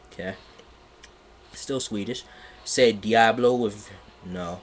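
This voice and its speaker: A man's voice: on the low side, moderate pace, a bit bright. A man giving a comedic dramatic reading of a text, exasperated and breaking off to mock it. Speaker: live streamer reading aloud. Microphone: computer microphone on a live stream.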